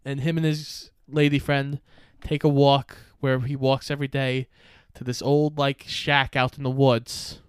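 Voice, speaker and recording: A man's voice: medium pitch, little pitch movement, unhurried, few pauses, clear, resonant tone, dry recording, studio quality. Young man retelling a movie plot. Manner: plot-summarizing storyteller, acts out quotes. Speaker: podcast co-host. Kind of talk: casual movie recap chat.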